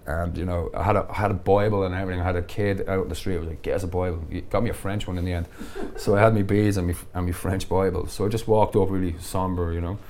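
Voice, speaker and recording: A man, a podcast guest telling travel stories in a casual, animated way and laughing often. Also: low-pitched, quick pace, few pauses, a little hiss or hum. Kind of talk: casual storytelling.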